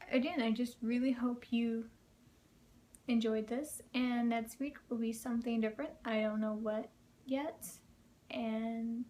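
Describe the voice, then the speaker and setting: Chatty young woman, slightly high voice. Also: darkish tone. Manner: chatty, many fillers, laughs often. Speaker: vlogger. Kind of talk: casual storytelling vlog.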